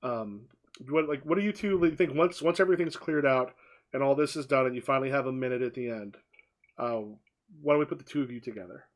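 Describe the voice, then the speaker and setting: A man's voice: mid-range voice, fast talker. A man running a tabletop game as game master, rambling and repeating himself as he narrates.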